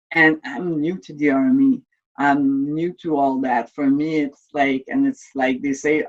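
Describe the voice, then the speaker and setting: A woman's voice: low voice, steady tone, normal speed. A French-native woman in her fifties giving an earnest, emotional personal testimony in an interview, often restarting and repeating words as she speaks. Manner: earnest, openly emotional recounting. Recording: distant, slightly dull mic sound.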